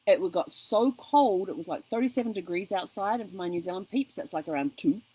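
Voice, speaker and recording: A middle-aged woman chats to her viewers in a casual vlog. Her voice is breathy and sits in a middle pitch. She tells a long story with animation and puts on the voices of the people from her phone calls. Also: lively intonation, a little fast, warm tone, no echo, poor audio. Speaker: vlog host. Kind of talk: casual chat.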